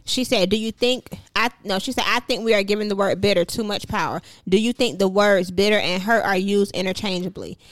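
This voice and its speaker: A woman's voice: medium pitch, fairly quick, hardly any pauses, no echo. A woman co-hosting a casual talk show, speaking frankly and telling stories. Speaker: co-host. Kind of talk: casual podcast chat.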